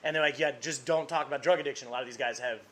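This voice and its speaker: A young man, a comedian, telling a story in a casual podcast chat, animated and swearing freely. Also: medium pitch, racing.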